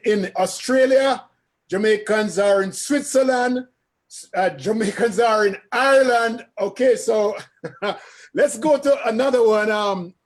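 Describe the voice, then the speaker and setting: High-voiced jovial male host. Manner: jovial, laughing, quick interjections. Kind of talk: online event hosting. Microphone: video call.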